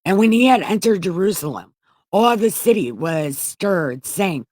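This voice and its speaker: A woman reads scripture with a cheeky, profane streak, cutting into the verses with mocking asides. Her delivery is loose and self-interrupting, and her voice sits at a middling pitch. It sounds close and dry, with no room echo. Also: expressive, a little slow, a little mellow. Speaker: comedic Bible reader. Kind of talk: irreverent scripture reading with commentary.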